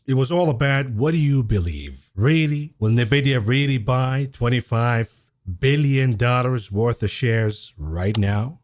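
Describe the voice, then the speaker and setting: Man, market commentary host, sarcastic, blunt, lively swinging pitch, mid-range voice. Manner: sarcastic, blunt and animated, addressing viewers as folks.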